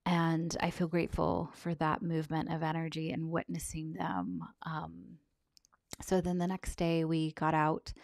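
A woman telling a personal story in a soft, halting, reflective way, often close to a whisper and on the verge of tears. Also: sits low, no echo. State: tearful, on the verge of crying. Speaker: vlogger sharing a personal account.

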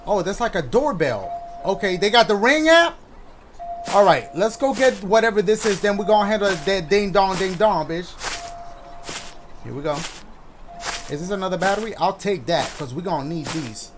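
A man giving loud, excitable commentary as he plays a horror video game, shouting reactions and cracking jokes. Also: high-pitched, moderate pace. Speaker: gaming YouTuber. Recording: music playing behind the voice.

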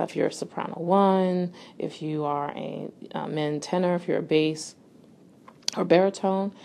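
A woman's voice: sits low, creaky, darkish tone, a little hiss or hum. A woman vocal coach talking through singing technique in a loose, explanatory way, often restarting her sentences. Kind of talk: casual spoken voice lesson.

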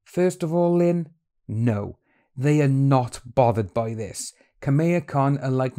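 A man's voice: mid-range voice, takes it slowly, warm tone. A man hosting a commentary video, talking in an exasperated, scornful way. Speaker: commentary channel host. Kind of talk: opinionated commentary.

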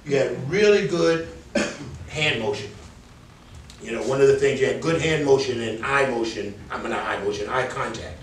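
Speaking at a moderate pace in a mid-range voice, a New York public speaking instructor gives his class feedback that is candid and conversational, imitating filler words while correcting them. The recording is echoey and distant, with slight background noise.

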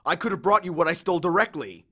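A man's voice: a little high, lively intonation, fast, bright, forceful tone. A man voicing an invisible male servant who is fawning and anxious, in an audiobook. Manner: obsequious, eager to please. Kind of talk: audiobook character voice.

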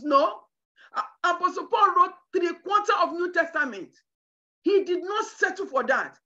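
A woman preaches a fervent sermon in a high, sharp, bright voice, breaking into shouted bursts. The recording sounds dull and lo-fi. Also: expressive, measured pace. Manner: emphatic preaching with shouted bursts and cries of hallelujah. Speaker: preacher at a women's conference.

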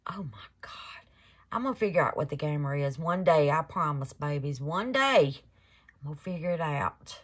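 A woman's voice: sits low, lively intonation, normal speed, breathy edge. A woman hosting a casual crafting vlog, gushing over her work and calling viewers baby and y'all. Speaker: resin crafting channel host.

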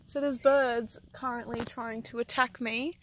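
A young woman vlogging on an outdoor picnic, excitable and giggly and swearing freely. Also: a little high, a little hiss or hum. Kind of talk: casual vlog chat. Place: outdoors in a rainforest picnic area. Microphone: handheld camera.

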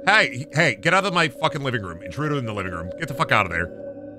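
A man streaming a horror game, talking to himself with profane jokes and sudden shouts. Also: sing-song, fairly quick, faint music behind. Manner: profane, jokey, talks to himself while playing; sudden high-pitched shouts and sing-song bits. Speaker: gaming streamer. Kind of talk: live-stream gameplay commentary.

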